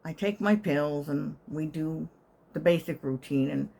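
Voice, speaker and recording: A woman's voice: low-pitched, a little slow, vocal fry, mellow. An older woman living in assisted living, telling a wry, chatty story to her channel and sometimes whispering her inner thoughts. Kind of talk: casual storytelling to camera.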